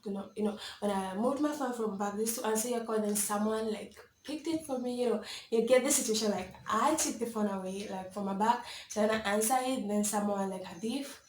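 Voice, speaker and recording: A young woman from Kenya telling a story to her camera in a casual, animated way, laughing often and filling with "like" and "you know". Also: mid-range voice, brisk, few pauses, roomy sound, slight background noise. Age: young adult. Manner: animated, dramatic, laughs often, many likes and you-knows. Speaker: vlogger.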